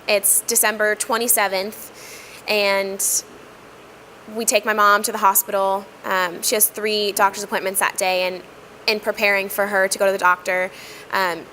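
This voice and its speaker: A woman sharing a personal testimony in an earnest, reflective way, with frequent pauses and fillers. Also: mid-range voice, sharp tone, a little hiss or hum, low-quality recording. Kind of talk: heartfelt personal storytelling.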